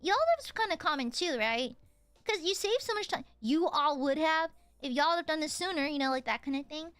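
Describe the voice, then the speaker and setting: A young woman from the American South chats casually while streaming a game, playful, teasing, and laughing. Her high-pitched voice has lively intonation at normal speed and sounds a bit bright in a dry recording with soft background music.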